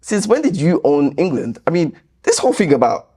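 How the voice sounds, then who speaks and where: A man's voice: on the high side, very animated, fairly quick, mellow, breathy edge. A man hosting his channel, talking casually about comments viewers left, reasoning through them and getting indignant. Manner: chatty, reasoned, grows indignant when rebutting. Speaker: YouTube host reading viewer comments. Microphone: laptop camera mic.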